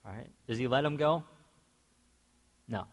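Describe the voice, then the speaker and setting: This young man, a pastor who grew up in a half-Mexican household, speaks in a mid-range voice and a little slowly. Preaching to his church amid long sanctuary reverb, he is conversational, poses questions to the congregation, and tells animated stories with quoted voices acted out.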